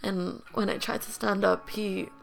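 Very gravelly-voiced young woman storyteller. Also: medium pitch, flat delivery, measured pace, faint music behind. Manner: candid, rambling, heavy use of "like" and fillers. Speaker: podcast host. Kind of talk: personal storytelling.

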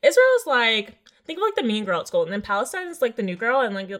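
A woman's voice: on the high side, sing-song, quick pace, a bit bright. A woman co-hosting a casual podcast chat, talking bluntly and wryly as she steers the conversation. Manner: blunt, wry, leads the conversation. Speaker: podcast co-host.

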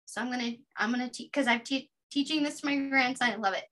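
Bright, earnest woman in her fifties. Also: sits high. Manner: earnest, gently guiding, slow deliberate affirmations. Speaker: podcast guest. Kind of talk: heartfelt personal sharing.

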